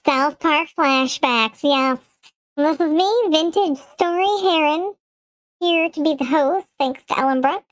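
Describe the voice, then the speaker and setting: A woman's voice: high voice, a little slow, no room sound. Chatty woman streamer with a Michigan accent. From Michigan, USA. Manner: chatty, rambling, answers chat aloud. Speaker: game streamer host. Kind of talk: casual live-stream chat.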